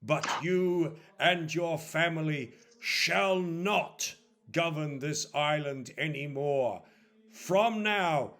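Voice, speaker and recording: A man voicing a stern, solemn older male churchman who speaks slowly and formally. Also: a little high, gravelly, a bit bright, pitched above the performer's own voice, full character voice. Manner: slow, grave, formal pronouncements.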